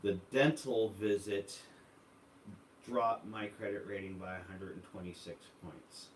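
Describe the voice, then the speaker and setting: A man's voice: on the low side, measured pace, slight background noise. A man hosting a casual livestream, telling rambling stories full of fillers and reading viewer comments aloud. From United States. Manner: rambling storytelling with many fillers. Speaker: livestream host. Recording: echoey room, voice from far off.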